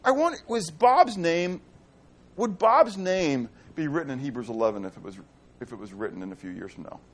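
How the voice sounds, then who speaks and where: A man's voice: fairly high pitch, expressive, normal speed. A man preaching a sermon, asking rhetorical questions and repeating key phrases. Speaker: pastor.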